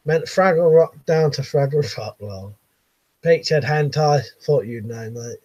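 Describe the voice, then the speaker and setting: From his bedroom, a late-thirties man from England runs a laid-back live chat, reading messages from viewers and chuckling through friendly banter. His voice is fairly high and a little mellow, and he speaks a little slowly. The recording is dry and lo-fi.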